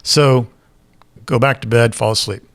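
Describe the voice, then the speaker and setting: A podcast co-host with a mid-range voice and vocal fry tells a story a little slowly during casual chat. He animates the tale by voicing the people he quotes.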